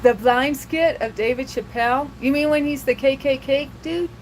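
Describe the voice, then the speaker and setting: A woman's voice: sits high, normal speed, slight background noise, poor audio. A young woman hosting a casual livestream, chatting loosely with viewers and laughing often. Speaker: livestream host.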